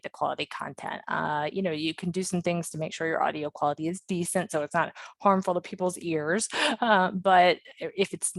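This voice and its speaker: A woman's voice: on the low side, no room sound. A woman guest on a podcast interview, talking casually with lots of fillers and restarts. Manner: chatty, many fillers and restarts, light laughs.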